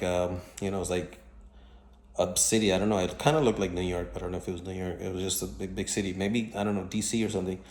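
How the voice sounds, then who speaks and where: A man casually recounting a dream in a halting, rambling way, full of fillers and restarts. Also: deep voice, a little mellow, echoey room.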